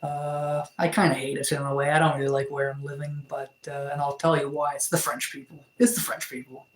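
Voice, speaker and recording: A man's voice: a little high, flat delivery, a little fast. A young Canadian man chatting casually on a live stream, rambling with lots of fillers and restarts while reading out comments. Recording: roomy echo.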